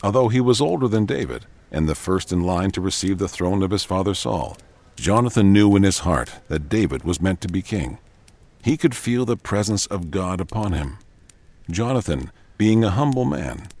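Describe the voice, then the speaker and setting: A man giving a measured, dramatic narration of a story. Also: low voice, expressive, a little mellow, dry recording.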